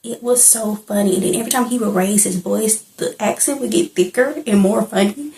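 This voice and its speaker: A woman's voice: mid-range voice, fairly quick, warm tone, poor audio. Young woman talking movies on her channel, loose and chatty, keeps cracking up. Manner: chatty and rambling, often breaking into laughter. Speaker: movie reviewer. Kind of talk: casual reaction vlog.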